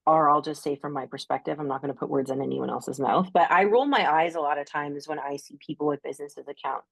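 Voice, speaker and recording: A woman's voice: low-pitched, fast, gravelly, no room sound. A woman with a Canadian accent, chatting enthusiastically as a guest astrologer on a podcast, often saying "like". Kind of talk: casual podcast conversation.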